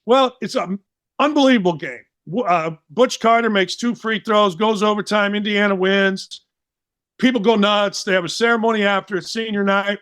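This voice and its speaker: A man in his sixties with a Midwestern American accent, telling a story in a casual interview and acting out quotes in lively voices. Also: high voice, fairly quick. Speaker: sports talk host, guest storyteller.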